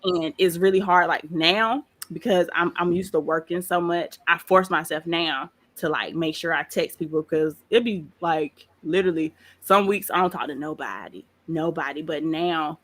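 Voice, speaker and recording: A woman guest on a podcast, chatting casually and telling animated stories, often laughing. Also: low-pitched, moderate pace, hardly any pauses. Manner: lively storyteller, acts out quotes in voices; laughs often while talking. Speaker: guest, pastry chef.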